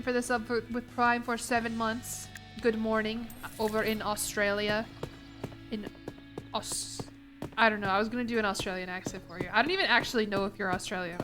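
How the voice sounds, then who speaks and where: Over music, a young woman from the United States chats casually while streaming a game, rambling and often starting over, a bit congested. She speaks briskly in a slightly high voice with a steady tone.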